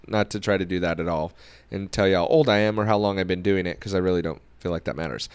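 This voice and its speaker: Male podcast host, young adult, animated storyteller, clean resonant tone. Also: on the low side, fast talker, smooth, dry recording. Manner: animated storyteller who acts out quoted dialogue.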